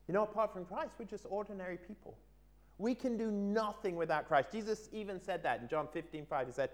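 A man preaching a sermon, telling an illustration with earnest emphasis that swings between lively stresses and quiet asides. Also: a little high, normal speed.

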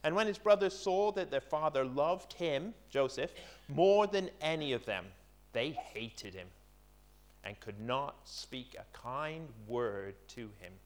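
A middle-aged man gives a sermon in a fairly high voice. He talks conversationally, stops on fillers and restarts, and then reads a passage of scripture aloud. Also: expressive, slow. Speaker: preacher.

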